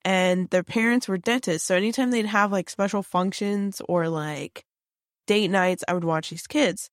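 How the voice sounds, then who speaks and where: A woman's voice: mid-range voice, moderate pace, no room sound, studio quality. A woman casually telling a creepy personal story, chatty and full of fillers and restarts.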